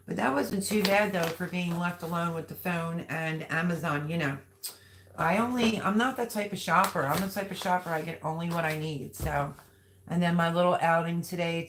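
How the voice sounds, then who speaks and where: A woman's voice: low-pitched, fairly bright tone, a little hiss or hum. A woman hosting a casual live stream, chatting in a rambling, affectionate way as she reads out viewers' comments.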